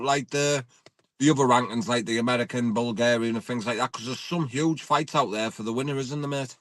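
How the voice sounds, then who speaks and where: Bloke asking fight questions, mid voice, dry sound, laddish and sweary. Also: male voice, medium pitch, brisk, a bit bright, dry recording. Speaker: interviewer. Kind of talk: casual interview.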